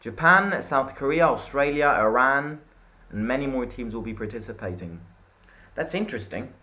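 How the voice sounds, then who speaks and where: A young Italian man hosting a live football watchalong, chatting with viewers and reacting loudly to the play. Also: mid-range voice, lively intonation, moderate pace. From Italy. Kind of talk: live match watchalong commentary.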